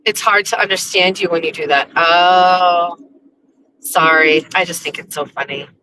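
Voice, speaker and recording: A woman's voice: on the low side, steady tone, measured pace, bright, forceful tone, a little hiss or hum, rough recording. A woman hosting a casual livestream from her car while driving, chatting in a rambling way with restarts and laughs. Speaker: livestream host. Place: in a car on the road.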